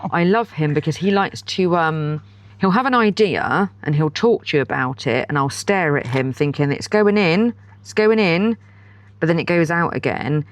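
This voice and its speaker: A woman's voice: low-pitched, moderate pace. A woman in her forties, co-hosting a podcast in casual chat and telling stories with acted-out dialogue. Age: 40s. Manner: chatty storyteller who acts out quoted dialogue. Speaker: podcast co-host.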